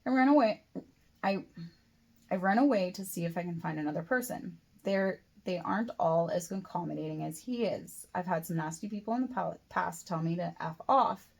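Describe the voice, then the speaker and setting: A woman's voice: lowish voice, animated, normal speed, gravelly. A woman reads her own novel aloud as first-person audiobook narration. Her delivery is plain and unpolished, and she stumbles and restarts lines now and then. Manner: plain reading with occasional slips and restarts. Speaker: author reading her own book.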